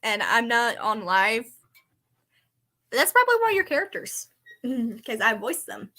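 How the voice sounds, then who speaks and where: A woman with a high voice chats casually as she reacts to clips, giggling often and now and then sinking into a soft whisper. Her tone is bright and ringing. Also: sing-song, unhurried. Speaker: video reaction host and voice actor.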